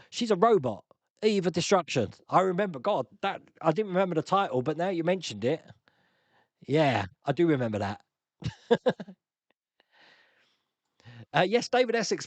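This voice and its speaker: A chatty man hosts a casual live-stream Q&A, laughing often as he answers viewer comments. His voice sits a little high and swings up and down with animation. The sound is close and dry. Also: very animated, moderate pace, pauses often, dry recording.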